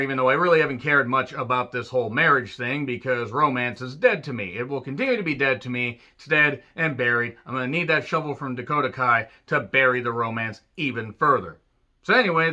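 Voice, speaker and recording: A man's voice: on the high side, pushed and bright, highs cut off. A man giving a casual solo review of a wrestling show, rambling and sarcastic with jokey asides.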